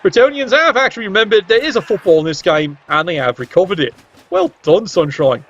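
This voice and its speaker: A man's voice: sits high, animated, a little fast, a bit bright. A man giving cheeky match commentary on a video game, full of wry asides and casual swearing. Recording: dull lo-fi sound.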